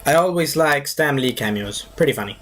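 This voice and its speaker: Animated, rambling movie reviewer. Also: mid-range voice, fairly quick. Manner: animated and digressive, breaks into silly voices.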